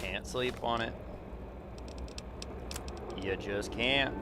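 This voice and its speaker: A man live-streaming a game, chatting casually with viewers, excitable and quick to swear. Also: medium pitch, heavy background noise. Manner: excitable, swears freely, talks to chat. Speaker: gaming streamer.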